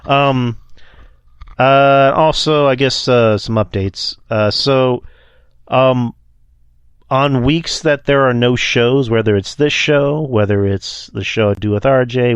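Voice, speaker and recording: A man hosting a casual Q&A podcast, talking in a halting way with many fillers and restarts. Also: medium pitch, smooth, no room sound, dull audio. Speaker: podcast host. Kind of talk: casual Q&A chat.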